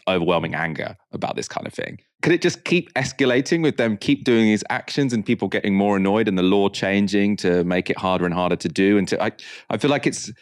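Deep-voiced male host. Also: dry recording, clean studio sound. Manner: measured, reads quotes aloud, asks long questions. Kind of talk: political discussion show.

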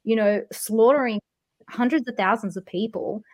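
A woman's voice: fairly high pitch, normal speed, a little mellow. A woman co-hosting a podcast in casual chat, earnest and blunt, swearing freely. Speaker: podcast co-host.

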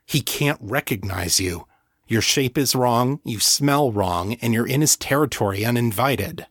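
A man voicing a steady, deferential man in an audiobook, speaking low and urgently, close to a murmur. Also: moderate pace, breathy edge, no echo.

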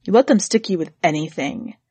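Sour complaining husband, scornful and gloomy, pitched low and husky, close dry sound, as a woman reader puts him on. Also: expressive, brisk, mellow, no echo. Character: grumbling middle-aged husband, sour and contemptuous.

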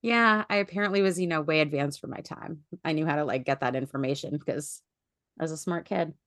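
A woman co-hosting a casual podcast chat, telling stories with frequent laughter. Her voice sits on the lower side and is recorded dry and close, with almost no room sound. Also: fast talker, fairly bright tone, no room sound. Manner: chatty, laughs often while telling a story. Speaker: podcast co-host.

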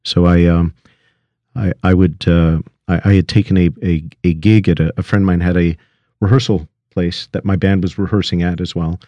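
A man's voice: deep voice, fairly even intonation, dark tone, no room sound, lo-fi sound. A middle-aged man, a recording engineer, telling how he got started in an interview, with frequent restarts and fillers. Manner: halting, many restarts and fillers. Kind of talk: storytelling interview.

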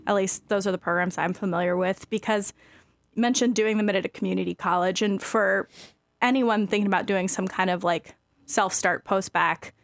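A woman's voice: medium pitch, fairly even intonation, normal speed, vocal fry, no echo, studio quality. Chatty self-deprecating podcast woman. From California. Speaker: medical student co-host. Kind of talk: casual podcast chat.

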